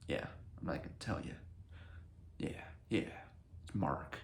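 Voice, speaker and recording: A man voicing a clueless old weatherman character, muttering in a breathy half-whisper. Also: very deep voice, animated, unhurried, slight background noise, pitched below the performer's own voice, heavily acted. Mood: mumbling. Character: clueless old male weatherman, mumbling and dazed.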